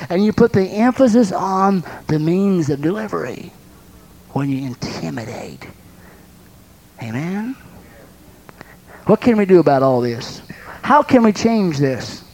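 A man with a noticeably high voice delivers a sermon. He tells everyday stories and acts them out with lively sound effects, pausing now and then to laugh. He sounds like a pastor who also counsels people. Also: rough recording. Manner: laughs between points. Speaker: preacher and counselor.

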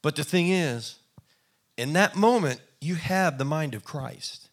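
A man's voice: a little high, expressive, a little slow. A man preaching a sermon in a conversational, folksy way, acting out little quoted exchanges. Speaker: pastor.

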